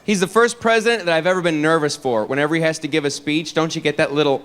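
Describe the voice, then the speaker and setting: A man performing an animated stand-up comedy routine, jumping into many character voices. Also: fairly high pitch, quick pace, slight background noise.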